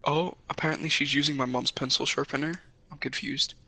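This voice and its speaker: A man's voice: a little high, steady tone, a little fast, pushed and bright. A man chatting casually with friends while gaming, rambling and now and then singing along to a song. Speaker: gamer streaming with friends. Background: music playing.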